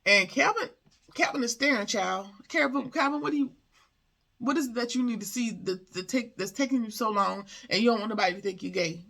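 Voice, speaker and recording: A woman's voice: fairly high pitch, brisk, vocal fry, fairly bright tone. Sassy woman recapping a show. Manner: sassy, talks back to the characters. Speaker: TV show reviewer. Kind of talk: casual recap commentary.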